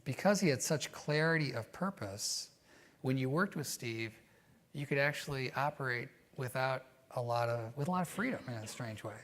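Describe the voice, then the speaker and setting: A man in a conversational interview, mid-pitched and easygoing. He tells his stories in a reflective way, sometimes animated, and drops frequent "you know" fillers as he thinks aloud. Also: normal speed. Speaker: guest.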